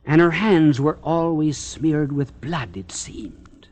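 A man giving recorded Catholic religious instruction in a dramatic, declamatory way, with long pauses between phrases. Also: fairly high pitch, a little mellow.

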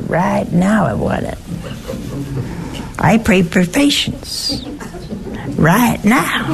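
A woman teaching a Bible study to a group, lively and playful, asking her listeners many rhetorical questions. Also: mid-range voice, background noise. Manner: playful, jokes about herself.

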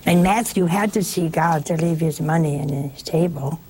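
A woman's voice: sits low, moderate pace, mellow, a little hiss or hum. A woman giving a conversational sermon in a folksy way, often turning to the listeners with rhetorical questions. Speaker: preacher.

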